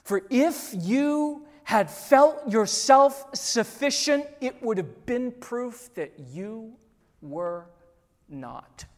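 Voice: medium pitch, animated, very slow. A preacher voicing a wise kingly lion. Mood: solemn. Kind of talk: quoted in a sermon. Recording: long hall reverb.

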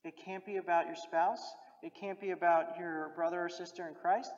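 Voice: mid-range voice, fairly even intonation, normal speed. A preacher giving a sermon who talks directly to the listeners and urges them on, often repeating key phrases. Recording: dull recording with long hall reverb.

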